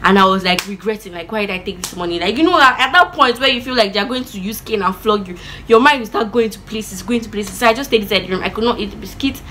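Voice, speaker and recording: Bright-voiced woman telling a story. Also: medium pitch, fast, hardly any pauses, slight background noise, poor audio. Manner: animated, chatty storytelling with asides. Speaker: vlogger. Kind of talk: storytime vlog.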